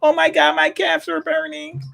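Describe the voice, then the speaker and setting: A man voicing a frantic, panicking father in a shrill, wailing voice while reading a comic aloud. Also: completely flat delivery, normal speed, vocal fry, pushed and bright, heavily acted.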